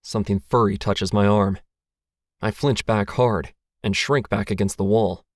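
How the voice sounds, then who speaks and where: A man's voice: fairly low pitch, little pitch movement, unhurried, dry recording. A man reading a first-person short story aloud, with a dry, wry, self-mocking tone. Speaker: narrator.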